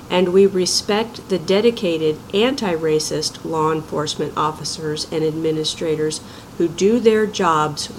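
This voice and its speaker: A woman, president of a nonprofit, reading a prepared statement in an earnest, measured way. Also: fairly low pitch, slight background noise, poor audio.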